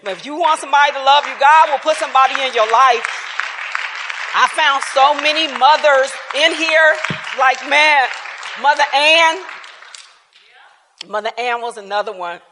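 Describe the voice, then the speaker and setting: A woman's voice: high-pitched, moderate pace, pauses often, a crowd in the background, background noise. A woman giving a casual personal testimony at a church bible class, colloquial and laughing often. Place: church hall. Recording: reverberant church hall.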